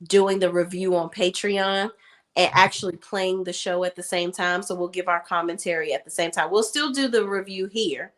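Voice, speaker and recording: Chatty woman host, fairly low voice. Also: moderate pace. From Maryland. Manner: chatty, laughs often, calls viewers "y'all". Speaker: show review host. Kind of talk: casual live chat with viewers.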